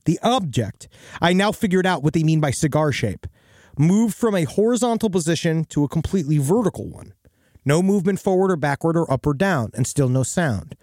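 A man's voice: a little high, mellow, no echo, clean studio sound. A male podcast host reading a listener's story aloud in a wry, conversational way, with crude asides.

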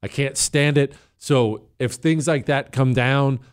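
A man's voice: medium pitch, fairly even intonation, slow, clear, resonant tone. Man, talk show host, opinionated monologue, emphatic, rambling, filler-heavy.

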